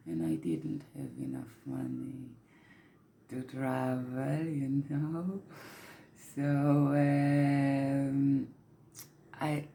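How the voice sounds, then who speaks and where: A hesitant woman, as an actress improvises her, speaks to the camera in an unscripted monologue. Her voice sits low with a gravelly edge. She talks very slowly and keeps breaking off to restart. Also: dark tone, slight background noise, full character voice. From Israel. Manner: hesitant, halting, many restarts. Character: shy woman new to the camera, rambling. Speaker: fictional interviewee speaking to camera. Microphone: camera mic.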